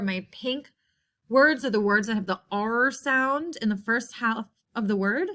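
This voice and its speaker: A woman teacher giving a recorded spelling lesson, saying each word several times in a clear, patient way. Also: fairly high pitch, a bit bright. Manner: clear, patient classroom delivery.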